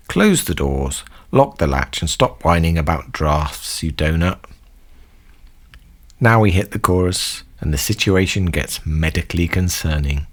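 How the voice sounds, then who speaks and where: A man's voice: deep voice, expressive, normal speed. A man delivering scripted, mock-serious comedic commentary as a host. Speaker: comedy song analysis host.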